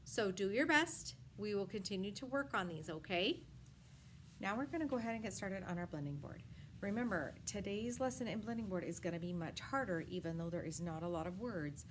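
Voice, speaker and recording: A woman teaching a first grade phonics lesson, sounding out words slowly piece by piece and praising often. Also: mid-range voice, expressive, a little hiss or hum. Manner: slow, sound-by-sound enunciation with frequent praise. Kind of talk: phonics lesson for young children.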